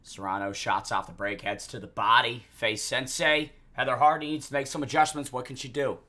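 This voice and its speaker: A man's voice: mid-range voice, fairly even intonation, brisk, bright, forceful tone. A man co-hosting a casual fight-watch stream, breaking down the action in a laid-back, analytical way. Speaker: guest co-host.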